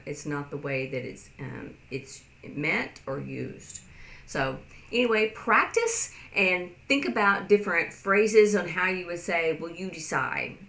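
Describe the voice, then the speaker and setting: A woman giving a casual sign language lesson, rambling with lots of fillers and acting out quoted lines in a higher voice. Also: vocal fry, a bit bright, echoey room.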